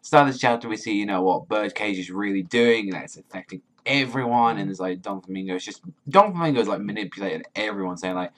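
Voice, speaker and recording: A man giving a casual chapter review, rambling with many "like"s, excitable and swearing freely. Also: fairly low pitch, fast. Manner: rambling, heavy use of "like"; profane, excitable. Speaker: manga reviewer.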